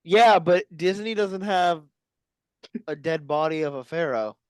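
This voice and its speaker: A comedy podcast co-host chatting in a deadpan, rambling way full of tangents. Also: medium pitch, a little slow, clean tone, no echo. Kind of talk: casual comedic chat.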